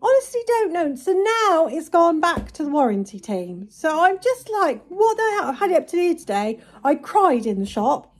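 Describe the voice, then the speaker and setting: Exasperated high-voiced woman venting. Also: moderate pace. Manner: exasperated, animated retelling of a complaint. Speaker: vlogger. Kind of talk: casual venting to camera.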